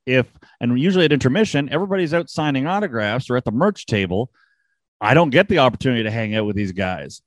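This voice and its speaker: A man hosting a wrestling podcast and chatting casually, rambling quickly with self-deprecating asides. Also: mid-range voice, expressive, no echo. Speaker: podcast host and wrestling ring announcer.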